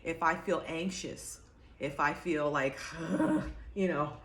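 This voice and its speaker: A woman's voice: sits low, slow pace, fairly bright tone, roomy sound, slight background noise. A woman giving a casual, rambling talk to camera as an energy healer, full of fillers and restarts.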